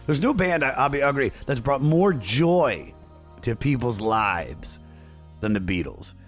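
A hoarse man hosts a podcast in loose, rambling chat, swearing freely and swinging his pitch widely. Faint music sits in the background. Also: big pitch swings, measured pace. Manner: loose, profane, rambling, self-promoting. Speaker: podcast host. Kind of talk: casual chat.

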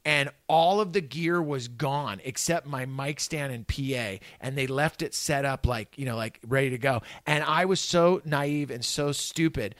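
A man's voice: mid-range voice, unhurried, hardly any pauses, no room sound, clean studio sound. A middle-aged man from Northern California telling stories in a casual conversation, swearing freely and acting out what people said. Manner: animated, profane, acts out quoted dialogue. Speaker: guest.

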